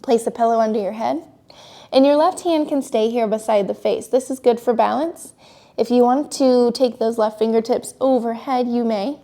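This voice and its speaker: A young adult woman teaching a gentle yoga class, giving calm, encouraging step-by-step cues. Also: a little high, normal speed. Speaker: yoga instructor.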